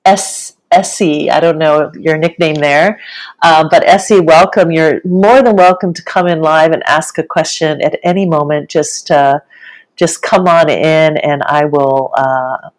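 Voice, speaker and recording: A woman's voice: low-pitched, steady tone, unhurried, low-quality recording. Enthusiastic woman with many fillers. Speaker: co-host, retreat facilitator. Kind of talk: casual live-stream chat.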